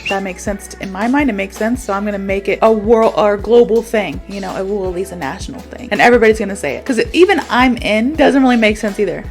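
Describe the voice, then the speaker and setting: A woman's voice: mid-range voice, fast, hardly any pauses, faint music behind. A young woman teaching English in a casual, chatty video lesson, self-aware and full of "so" and "like". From United States. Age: young adult.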